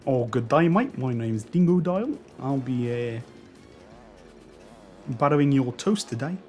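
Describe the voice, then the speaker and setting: A man's voice: medium pitch, expressive, unhurried, darkish tone, soft background music, natural voice. A man voicing Dingodile, a mutant dingo-crocodile, with a jokey put-on Australian accent that wanders. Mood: cheeky.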